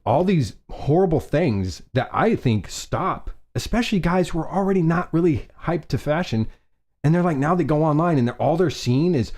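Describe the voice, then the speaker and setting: A man's voice: a little high, lively intonation, moderate pace, a little mellow. A man hosting a casual fashion live stream, chatty and rambling, often restarting and laughing at himself.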